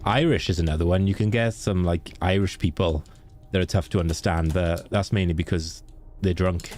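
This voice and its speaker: Welsh man, low voice, game streamer, casual joking chat. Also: steady tone, moderate pace, darkish tone, slight background noise. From Wales. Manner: chatty, joking, laughs easily. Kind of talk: casual chat with viewers while gaming.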